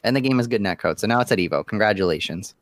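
A man co-hosting a casual podcast, telling stories with animated asides. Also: on the low side, rapid-fire, no echo, clean studio sound. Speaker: podcast co-host. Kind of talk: casual chat.

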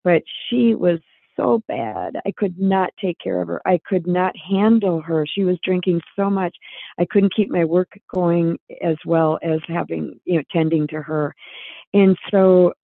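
An earnest woman speaks over a thin, phone-like line with a dry, close sound. She tells a personal story as a guest author, reflective and halting, restarting her sentences often. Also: on the low side, vocal fry, no echo.

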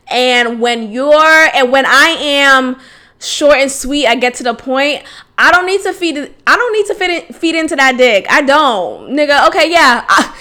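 A woman hosting a solo podcast, telling a personal story in a casual, animated way that swings into loud, exasperated outbursts. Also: on the high side. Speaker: podcast host.

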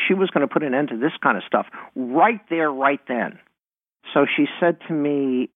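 A man telling a personal childhood story in an animated way, acting out the dialogue. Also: a little high, normal speed, no echo. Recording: tinny phone-like sound.

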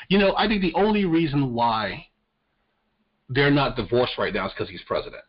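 A man in casual podcast talk, blunt and unfiltered, who curses freely and trips over repeated words as he restarts. His voice sits at an ordinary pitch. The recording is slightly dull and muffled. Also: lively intonation, normal speed, slightly rough. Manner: blunt, profane, stammers on restarts. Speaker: podcast co-host. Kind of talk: casual political chat. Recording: muffled lo-fi audio.

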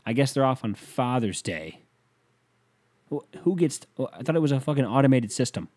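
A man's voice: mid-range voice, lively intonation, brisk, a little mellow, breathy edge, dry recording. A young man hosting a solo podcast, ranting and rambling with lots of swearing. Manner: profane, rambling, exasperated. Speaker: podcast host. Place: bedroom. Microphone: leaning on the mic.

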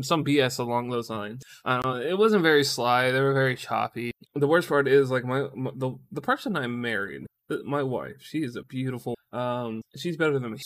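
A man's voice: medium pitch, fairly bright tone, no echo. A young man tells a casual story in a rambling, profane way and stumbles over his words. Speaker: vlogger.

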